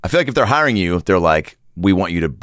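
Very deep-voiced joking podcast host, man. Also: very animated, fast talker, fairly bright tone, no room sound, studio quality. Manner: loose and joking, laughs often, rambling questions. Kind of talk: casual podcast chat.

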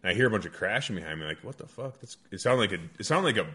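A man's voice: low voice, racing. Swearing man telling a hunting story. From American Midwest. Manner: animated, heavy swearing, rambling. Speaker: guest hunter. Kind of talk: casual storytelling.

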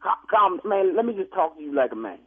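A man's voice: sits high, sing-song, fast talker. A man answering the phone at a funeral home, defensive and stammering, arguing back. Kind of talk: prank phone call comedy bit. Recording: tinny phone line.

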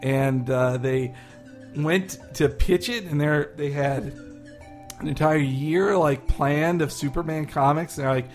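A young man hosts a casual podcast with a slightly high voice. He rambles jokily and fills pauses with ums and uhs. Faint music sits underneath. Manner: rambling, full of fillers and restarts, jokey. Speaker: podcast host. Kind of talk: casual chat.

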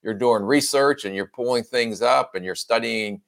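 A man's voice: medium pitch, normal speed, vocal fry, a bit bright. A man co-hosting a football podcast, pressing his partner with teasing, pointed questions and plenty of fillers. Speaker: football analyst co-host. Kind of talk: casual sports podcast chat.

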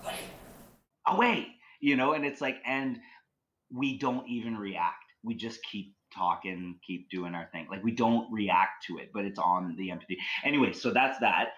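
A man's voice: lowish voice, moderate pace, a bit bright. A man telling ghost stories as a podcast guest, rambling with many likes and restarts. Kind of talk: casual storytelling.

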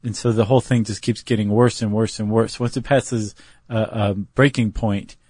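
A man's voice: on the low side, fairly even intonation, normal speed, a little mellow, slightly rough, no room sound, studio quality. A man co-hosting a podcast in casual chat, loose and chatty with lots of fillers. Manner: chatty, laughs easily, filler-heavy. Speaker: podcast co-host.

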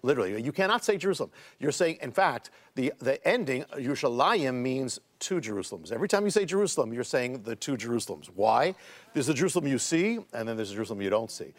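A man, a guest author, explaining Hebrew scripture words in conversation, halting with many restarts before building to emphatic points. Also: mid-range voice, sing-song. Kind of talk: casual Bible teaching in conversation.

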